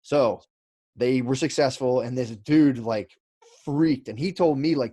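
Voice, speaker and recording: A man's voice: medium pitch, a little slow, dark tone, dry recording. A man telling a long story as a podcast guest, rambling with lots of fillers, restarts and swearing. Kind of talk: casual storytelling chat.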